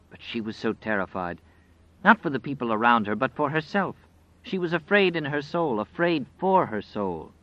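A man narrating an audiobook in a measured, dramatic storytelling manner. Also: medium pitch, sing-song, no room sound. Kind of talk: scripted narration. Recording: dry, slightly dull recording.

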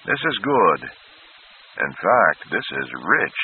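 Man reading a sly aging magician, husky, false gentleness, tinny phone-like line. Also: deep voice, very animated, slow pace, heavily acted. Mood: coaxing. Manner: smooth, falsely gentle, mocking. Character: scheming sly aging male court magician.

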